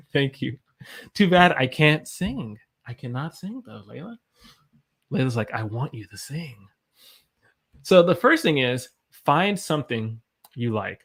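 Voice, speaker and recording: A man's voice: mid-range voice, fairly bright tone. A young man hosting a live English lesson, chatting and encouraging as he reads out viewer comments. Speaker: English teacher, livestream host.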